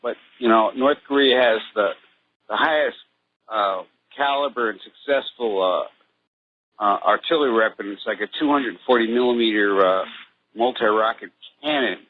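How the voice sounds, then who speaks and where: A man calling in to a radio talk show, halting and using "like" and "you know.". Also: lowish voice. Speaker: caller. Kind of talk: phone-in talk. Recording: tinny phone line with faint noise.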